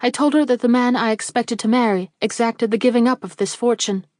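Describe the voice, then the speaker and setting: A woman's voice: a little high, fairly even intonation, brisk, darkish tone, no echo, clean studio sound, close to an everyday voice. A woman voicing a distressed young woman pleading in guilt, with a tremulous voice.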